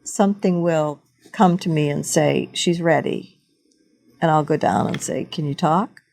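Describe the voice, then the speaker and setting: A woman's voice: sits low, a little slow, creaky, a little mellow. A woman who is a farmer and intuitive guide, speaking in an earnest, storytelling way as the guest in a casual interview. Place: farm.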